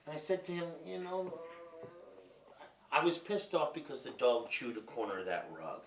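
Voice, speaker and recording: A man's voice: mid-range voice, normal speed, a little hiss or hum. A man in his fifties telling rambling, profane stories in a candid monologue. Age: 50s. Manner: profane, rambling, animated storytelling. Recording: roomy and distant from mic.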